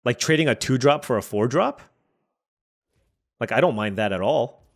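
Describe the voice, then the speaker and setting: A man's voice: mid-range voice, expressive, normal speed. A man streaming a digital card game, chatty and musing aloud over each play as he weighs his options. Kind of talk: thinking aloud while playing.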